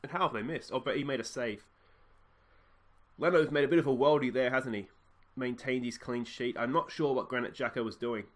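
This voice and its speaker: A man's voice: medium pitch, a little fast. A man casually commentating on his football management game as host, musing and reacting to the action. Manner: chatty, musing, bursts of excitement. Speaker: let's play host.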